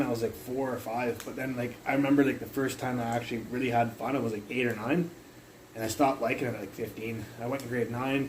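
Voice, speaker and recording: A man's voice: mid-range voice, slight background noise, poor audio. A young man livestreaming from his phone, telling a long rambling story full of curses, fillers and restarts. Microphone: phone mic.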